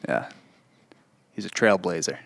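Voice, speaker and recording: A man's voice: low-pitched, lively intonation, unhurried, gravelly, a bit bright. A man casually telling a history story on a comedy podcast, matter-of-fact and laid-back.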